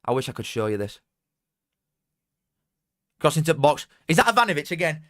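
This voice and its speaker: Excitable Yorkshire lad streaming football. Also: male voice, fairly high pitch, normal speed. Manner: excitable, swears freely, bursts into shouting at goals. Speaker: streamer hosting a football watchalong. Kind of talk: casual live stream commentary.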